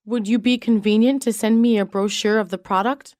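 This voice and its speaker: A woman reading isolated English practice sentences for a lesson, in a measured, even way. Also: mid-range voice, no echo, clean studio sound.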